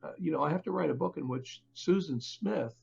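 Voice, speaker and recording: An older man, a book author, speaking as a podcast guest in a halting, conversational way with many fillers and restarts. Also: on the high side, creaky, darkish tone, lo-fi sound, a little hiss or hum. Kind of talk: conversational interview.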